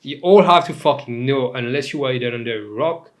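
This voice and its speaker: A young man from Mauritius hosts his own comedy commentary, mid-pitched and loose. He rambles through asides, swears freely and jumps between mock outrage and quiet muttering. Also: a little fast. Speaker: host.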